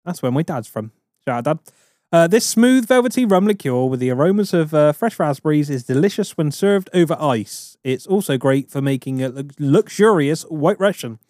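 A man's voice: a little high, lively intonation, moderate pace, darkish tone, dry recording. A man co-hosting a podcast in casual chat, laid-back and dry with the odd chuckle. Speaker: podcast co-host.

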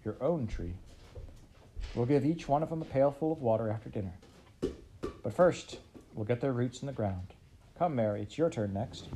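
A steady, reassuring frontier father from a storybook, read aloud by a man. His voice is mellow and warm, and it rises and falls freely. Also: medium pitch, normal speed, pauses often, a little hiss or hum, close to an everyday voice. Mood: gentle.

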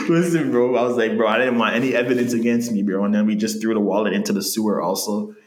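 A man's voice: lowish voice, fast, echoey room. A young man co-hosting a podcast, telling a story in casual slang and acting out what people said. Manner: animated slangy storyteller, acts out quotes. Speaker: podcast co-host.

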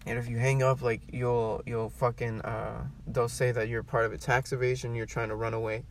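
A man's voice: medium pitch, little pitch movement, normal speed, close to an everyday voice. A pushy phone scammer who poses as a tax official, as a young man puts him on while telling a story. The delivery is officious and businesslike. It is picked up by a distant mic with faint background noise.

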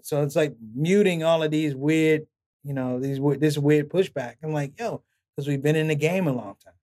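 A man's voice: fairly high pitch, normal speed. A middle-aged comedian, a man, telling long stories in a casual interview and acting out the people he quotes. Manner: animated storyteller, acts out quotes with laughs. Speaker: comedian and podcast guest.

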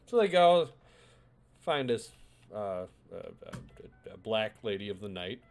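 A man's voice: lowish voice, sing-song, slow pace, gravelly, soft background music. Loose, profane man telling a story. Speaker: storyteller among friends. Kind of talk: casual chat.

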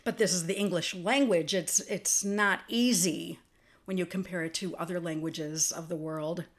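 A woman's voice: on the low side, steady tone, normal speed. A woman hosting her own podcast in a casual solo monologue, chatty and spelling words out letter by letter. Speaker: podcast host.

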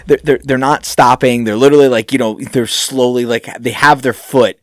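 A man co-hosting a casual chat about fast-food work, acting out customers in raised voices. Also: mid-range voice, no room sound, studio quality. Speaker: podcast co-host, fast-food worker.

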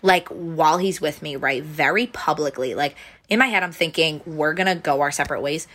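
A woman's voice: low-pitched, a little fast, fairly bright tone. A young woman telling a personal story in casual chat, rambling and saying "like" over and over. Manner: rambling, heavy use of "like" fillers, restarts.

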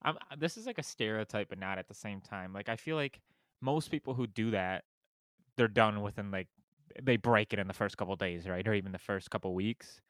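A young man hosting a laid-back podcast who rambles through his points with lots of "like". His lowish voice is smooth and resonant. The sound is dry and close to the mic. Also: a little fast, a bit bright, dry recording. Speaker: podcast host. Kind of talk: casual chat.

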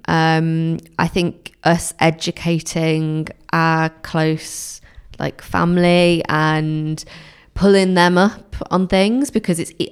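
A woman with a low, smooth and resonant voice, chatting frankly on a podcast. She talks in quick, casual runs, full of asides and quoted remarks. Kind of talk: casual chat.

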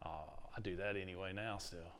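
A man's voice: low voice, steady tone, moderate pace, a bit bright. A middle-aged man, teaching a class in a casual, rambling lecture full of stories. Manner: chatty, storytelling, uses "like" a lot.

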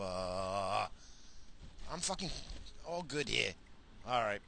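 A middle-aged man from the United States ranting casually and profanely to his viewers while driving, animated, cursing and mocking himself. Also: on the low side, drawn-out words, creaky, long pauses, slight background noise, low-quality recording. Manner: animated, swearing, self-mocking. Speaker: vlogger.

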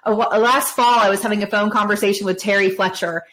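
Fast-talking woman moderating a panel. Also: mid-range voice, fairly even intonation, a bit bright, low-quality recording. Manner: fast-talking, chatty, conversational. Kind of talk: casual panel discussion.

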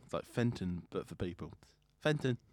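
A man's voice: low-pitched, animated, normal speed, a little mellow, dry recording. A man hosting a casual podcast, putting questions to his co-host and laughing often as he tells stories. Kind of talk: casual chat. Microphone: studio microphone.

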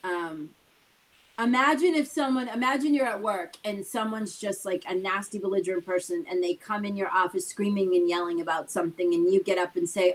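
A woman's voice: mid-range voice, a little fast, rough recording. Earnest woman host talking kindness. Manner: earnest, talks things through with repeated "right?". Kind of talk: casual motivational talk.

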